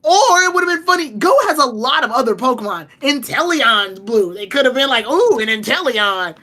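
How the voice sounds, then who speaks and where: A woman co-hosting a casual podcast, telling stories in an animated, profane way. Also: sits high, moderate pace. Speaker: podcast co-host.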